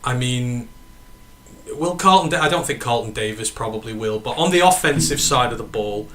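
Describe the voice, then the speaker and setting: A man's voice: mid-range voice, expressive, normal speed, a bit bright. A man with a northern English accent hosting a casual sports podcast, rambling and correcting himself as he answers live chat questions. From northern England. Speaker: podcast host.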